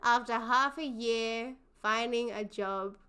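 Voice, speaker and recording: Young woman streamer, bright high voice, unhurried, gushing and supportive toward her chat. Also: steady tone, smooth. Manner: effusive and encouraging, laughs often. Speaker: livestream host. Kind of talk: casual live chat with viewers.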